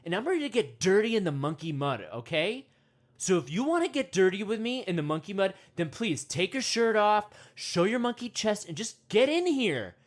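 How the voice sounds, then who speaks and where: A woman playing an excitable male self-help podcast host who rambles, repeats himself and trails off mid-thought. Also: medium pitch, moderate pace. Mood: worked up. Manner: rambling, repeats words, trails off, grunts monkey noises. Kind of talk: comedic parody meditation podcast.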